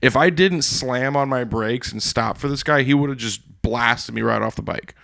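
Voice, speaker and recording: A man co-hosting a casual podcast chat, telling stories in an animated, profane way. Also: mid-range voice, moderate pace, creaky. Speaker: podcast co-host.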